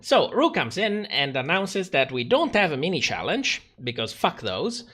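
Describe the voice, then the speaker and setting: A man talking on a casual livestream, his pitch a touch high and swinging widely as he goes. He chats in an animated way, laughing often and wandering into asides. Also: moderate pace, breathy edge. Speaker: host of a drag show review livestream.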